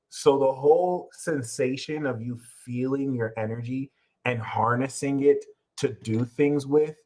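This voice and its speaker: A man giving a loose astrology reading at an ordinary speaking pitch. He rambles, swears freely and keeps coming back to his favorite catchphrases with a joking edge. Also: low-quality recording. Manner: rambling, profane and jokey, with repeated catchphrases. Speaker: astrology reader and channel host. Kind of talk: casual astrology commentary.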